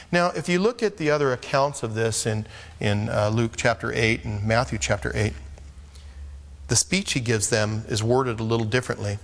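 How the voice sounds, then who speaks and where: A man's voice: medium pitch, normal speed, gravelly. A man preaching a sermon in a conversational manner, acting out scripture scenes. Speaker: pastor. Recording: long echo of a large hall.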